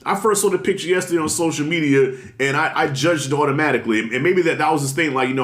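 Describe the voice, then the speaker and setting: A man giving blunt, animated commentary in a casual vlog, talking with heavy slang and strong emphasis. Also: a little high, fast talker, hardly any pauses. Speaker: commentary vlogger. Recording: roomy echo.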